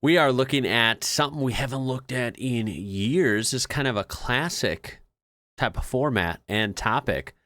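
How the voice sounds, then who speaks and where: A man's voice: medium pitch, lively intonation, normal speed, a bit bright, dry recording, studio quality. An American man hosting a reaction video, chatting in a laid-back way and laughing often. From United States. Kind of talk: casual reaction commentary.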